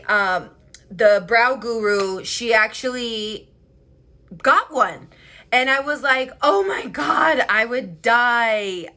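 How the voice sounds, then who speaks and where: A young woman vlogger chatting casually and excitedly, swearing freely as she tells a story. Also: on the high side. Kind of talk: casual chat. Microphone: headphone mic.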